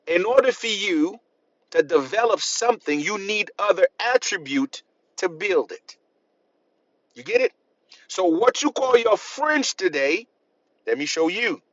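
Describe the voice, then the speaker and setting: Male host, high and lively voice, slow deliberate lecture, dry dull lo-fi sound. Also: no room sound. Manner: emphatic, repeats points, asks rhetorical questions. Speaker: history channel host. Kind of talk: lecturing to camera.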